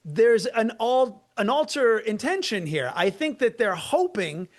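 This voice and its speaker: A man co-hosting a comedy podcast, telling a story in an animated way and laughing through it. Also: sits high, a little slow. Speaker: podcast co-host.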